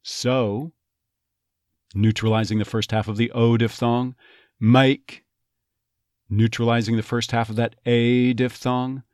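A man coaching an accent, explaining vowel and consonant changes in a slow, deliberate way. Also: mid-range voice, level tone, darkish tone, no echo, clean studio sound. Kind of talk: dialect lesson.

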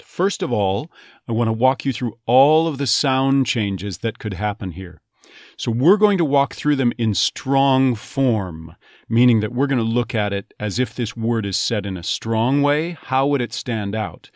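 A man's voice: medium pitch, animated, unhurried, dry recording, clean studio sound. A man working as an accent coach, teaching step by step and demonstrating sounds word by word. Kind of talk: instructional teaching.

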